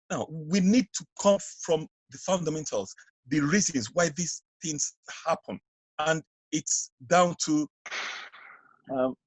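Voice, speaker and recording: A man from Nigeria, a guest educator on a podcast, speaking haltingly and often restarting words. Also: a little high, slightly rough, no room sound, rough recording. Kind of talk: casual discussion.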